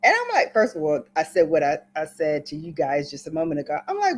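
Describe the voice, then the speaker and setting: A woman's voice: low voice, huge pitch swings, quick pace, slight background noise. A woman from Brooklyn telling a playful, dramatic story to her viewers in a casual vlog. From Brooklyn, New York. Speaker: beauty vlogger.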